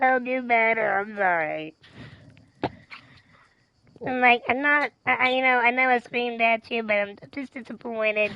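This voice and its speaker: A woman streamer chatting casually, telling a long story in a rambling, emphatic way and swearing freely. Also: on the high side. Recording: dull lo-fi mic.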